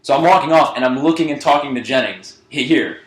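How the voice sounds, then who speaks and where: A man's voice: mid-range voice, fast talker. A young man spins a rambling, profane party story for his podcast co-hosts. His voice sits in a middle register, and the room around him rings with echo. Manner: rambling, swearing, laughing through his own story. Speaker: podcast co-host. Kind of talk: casual storytelling. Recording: echoey room.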